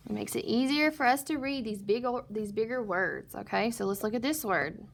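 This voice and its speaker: A woman teaching a recorded phonics lesson to first graders, sounding out word parts slowly and patiently and asking and answering her own questions. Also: on the high side, animated, gravelly, a little hiss or hum.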